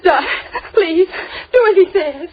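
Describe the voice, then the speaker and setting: Timid high-voiced young woman. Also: animated, slow, heavily acted. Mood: tearful. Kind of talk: 1950s radio drama acting. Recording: dull old radio recording.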